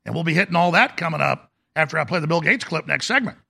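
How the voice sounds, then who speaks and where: A male talk show host rants in a sarcastic, combative monologue. His voice sits high and gravelly, with a bright, forceful edge. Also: animated, fast talker.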